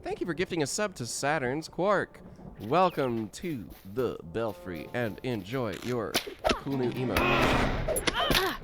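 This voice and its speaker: A man's voice: mid-range voice, huge pitch swings, slow pace, loud music behind the voice. A man streaming a game, chatting casually and playfully, often giggling and joking to himself.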